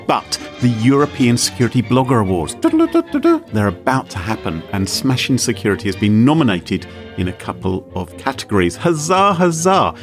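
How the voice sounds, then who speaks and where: A man's voice: on the low side, fairly quick, hardly any pauses, faint music behind. A man co-hosting a podcast, playful and jokey in casual chat. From Britain. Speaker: podcast co-host.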